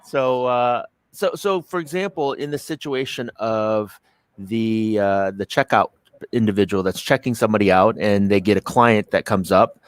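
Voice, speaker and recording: A man's voice: lowish voice, fairly even intonation, normal speed, clear, resonant tone, dry recording. A man co-hosting a casual business chat, laughing often and restarting his phrases.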